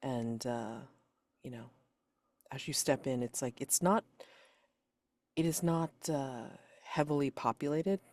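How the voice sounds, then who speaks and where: A man's voice: medium pitch, slow pace, long pauses, darkish tone, dry recording. A man running a tabletop game as game master, casual and rambling with lots of filler words.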